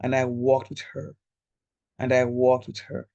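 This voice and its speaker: This online math lecturer, a man with a Jamaican accent, talks to his video-call students in a direct, chatty style, dropping into local speech at times. His mid-range voice is creaky and warm, fully flat in delivery and measured in pace; the recording has no echo and the highs are cut off.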